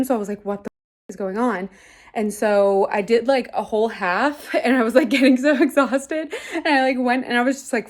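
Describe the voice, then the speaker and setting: A young woman in her twenties chatting casually to camera for her vlog, filling her talk with "like". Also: fairly high pitch. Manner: chatty, says "like" constantly. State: out of breath. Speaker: vlogger.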